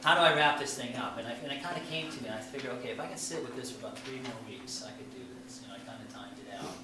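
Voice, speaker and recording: A man's voice: medium pitch, very fast, background noise. A man in his late forties giving a rambling, chatty talk at his book launch, full of fillers and restarts and often laughing at himself. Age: 40s. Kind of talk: informal speech to a party crowd. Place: indoor party venue with an audience. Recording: very echoey room, distant mic, room ambience.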